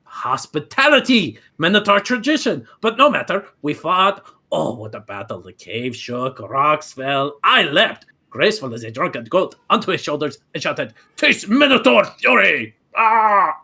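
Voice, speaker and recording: A man's voice: on the high side, sing-song, moderate pace, hardly any pauses, sharp tone, slightly rough, full character voice. A man voicing a vain, pompous male minotaur who tells a grandiose tale in a theatrical manner. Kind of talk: comic tabletop role-play.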